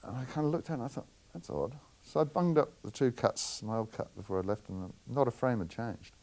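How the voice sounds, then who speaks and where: A man's voice: mid-range voice, lively intonation, quick pace, a little mellow. A middle-aged man, working as a film editor and answering interview questions in a candid, anecdotal way with frequent chuckles.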